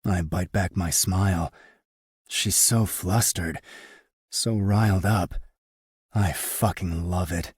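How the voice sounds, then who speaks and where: A man narrating a first-person romance audiobook in an unhurried, intimate, deliberate way. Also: low-pitched, steady tone, breathy edge, no echo, studio quality.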